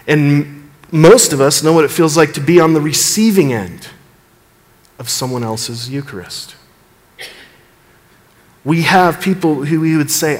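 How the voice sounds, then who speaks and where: A man preaching a sermon as pastor, earnest, building emphasis and dropping low at the ends of phrases. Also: a little slow, long pauses, in a large hall.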